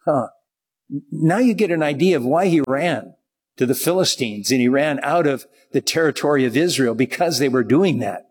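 A man preaching a sermon in a conversational way, reading scripture slowly and deliberately. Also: a little high, lively intonation, a little mellow, slightly rough. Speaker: pastor. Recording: long reverb of a large hall.

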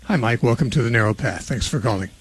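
A man hosting a live call-in radio show, speaking in an unhurried, conversational way, his voice a little rough and not yet warmed up. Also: mid-range voice, a little hiss or hum. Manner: unhurried, conversational, clears throat often. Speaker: radio talk show host.

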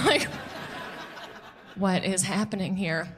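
A woman's voice: mid-range voice, a little slow, fairly bright tone. A woman performing a stand-up comedy set, chatty and sarcastic, often laughing at her own jokes. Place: comedy club stage before a live audience.

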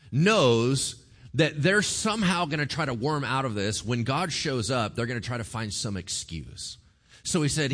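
Animated, lively male preacher. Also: mid-range voice. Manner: animated, jokey, acts out quotes. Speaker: pastor. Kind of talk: sermon.

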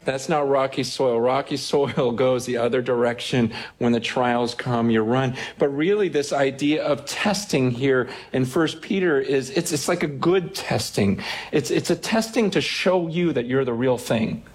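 A man's voice: mid-range voice, measured pace. A pastor preaching a sermon in a conversational, storytelling way, often restarting his sentences.

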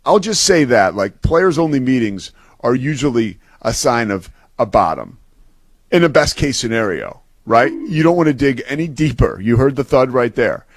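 A man with a mid-range, sing-song voice co-hosts a sports talk show, breaking down football at a moderate pace. His delivery is casual and conversational, heavy with fillers, and he restarts and repeats words as he begins. There is no echo.

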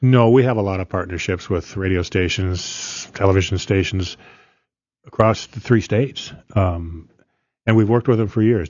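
A man's voice: lowish voice, a little mellow, no echo, highs cut off. An older man talking plainly on a radio show, rambling a little with fillers. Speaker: longtime radio news guest. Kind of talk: casual radio conversation.

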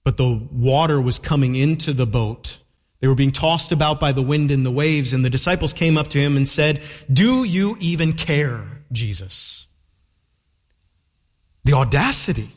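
A man's voice: medium pitch, brisk. Emphatic male preacher in a reverberant hall. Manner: emphatic, uses rhetorical questions. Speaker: pastor. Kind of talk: sermon. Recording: long reverb of a large hall.

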